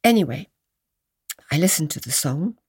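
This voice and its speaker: An older woman from England, a guest telling stories of her past in a gently animated, reminiscing way. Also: sits low, moderate pace, husky, dry recording, studio quality. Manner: reminiscing, gently animated, dips into soft whispers. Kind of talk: storytelling in an interview.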